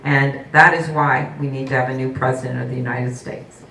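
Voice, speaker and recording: A woman running for office gives a campaign speech in an indoor forum hall, speaking at a moderate pace in an extremely low, steady voice. She tells stories with hesitant fillers, and the echoey hall is recorded from a distance with faint noise.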